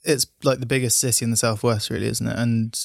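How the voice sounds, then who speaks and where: A man talking casually as a guest on a podcast, agreeable and quick to chime in. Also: mid-range voice, steady tone, gravelly, no echo, clean studio sound.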